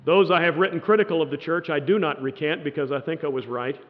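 A lecturer quoting a defiant monk-professor on trial, slow and solemnly firm, in a dull echoing hall. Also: male voice, fairly high pitch, natural voice. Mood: solemn defiance. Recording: dull lo-fi sound in a reverberant hall.

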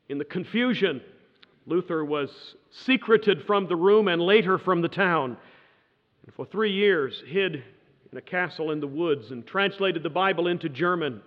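A man telling history as a dramatic lecture, emphatic, with pauses and swelling stresses. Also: a little high, animated. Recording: dull lo-fi sound in a reverberant hall.

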